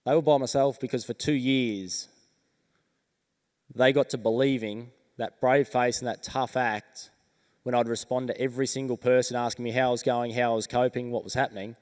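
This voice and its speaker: A man's voice: mid-range voice, steady tone, darkish tone. Earnest Australian man in a big hall. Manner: earnest, measured storytelling with dramatic pauses. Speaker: motivational speaker. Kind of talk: keynote storytelling on stage. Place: large event hall stage. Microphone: stage microphone. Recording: reverberant event hall.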